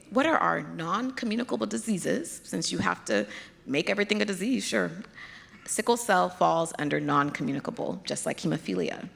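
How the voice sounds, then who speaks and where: A Nigerian-accented woman answers audience questions on a conference stage. Her fairly low voice carries a gravelly edge. It rings out with a long reverb through the hall. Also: fairly bright tone. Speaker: pediatric hematologist speaker.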